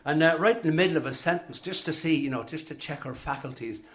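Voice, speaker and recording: A middle-aged man doing live stand-up comedy, telling quick jokes and slipping into voices for the punchlines. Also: a little high, a bit bright, a little hiss or hum. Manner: brisk joke-telling, swapping voices for punchlines.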